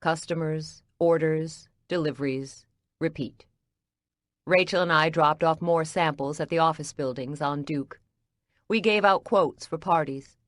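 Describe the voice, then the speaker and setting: A woman reading a first-person audiobook in a wry, expressive way. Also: low-pitched, dry recording. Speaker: audiobook narrator.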